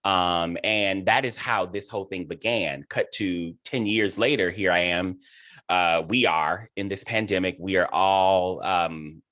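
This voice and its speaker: A man's voice: deep voice, measured pace, fairly bright tone, no room sound. A man hosting a casual interview, effusive and emotional as he talks, recorded over a video call. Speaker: host and theater director.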